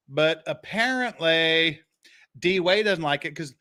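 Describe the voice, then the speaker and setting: Animated, profane older male host. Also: fairly high pitch, slow, long pauses. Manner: animated, profane, digressive, laughing at own jokes. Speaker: host reacting to interrogation footage. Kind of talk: casual livestream commentary.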